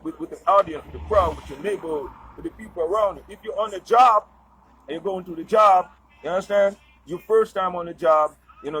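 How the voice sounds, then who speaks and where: A man's voice: sits high, a bit bright, breathy edge, poor audio. A man giving casual motivational advice straight to his viewers, in a loose, rambling way, checking in after nearly every point to ask if they understand. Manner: loose, rambling delivery with restarts, breaks into singing. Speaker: vlogger giving life advice. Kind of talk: casual motivational monologue to camera.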